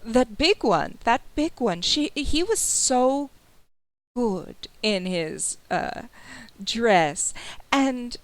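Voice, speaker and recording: A woman voicing a doting noble lady who talks slowly and softly, fawning over her guests. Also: fairly high pitch, very animated, no room sound, voice pushed up, exaggerated voice.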